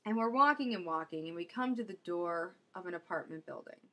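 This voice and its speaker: A woman's voice: on the low side, lively intonation, a little fast, fairly bright tone. A young woman telling a true story about herself in a wry, self-mocking comic manner. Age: young adult. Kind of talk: first-person storytelling.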